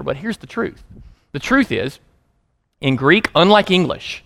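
A man preaching a sermon in a voice pitched a little above the usual. He teaches through a passage with lively emphasis, sometimes pushing a single repeated word up high and loud before settling back into steady explanation. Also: unhurried, vocal fry, long pauses. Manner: animated preaching, acting out quotes with sudden emphasis. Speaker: pastor.

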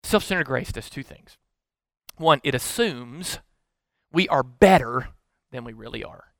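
A man's voice: mid-range voice, expressive, measured pace, vocal fry, no echo. A male pastor preaching a sermon, telling the story in an earnest, conversational way and often restarting his words.

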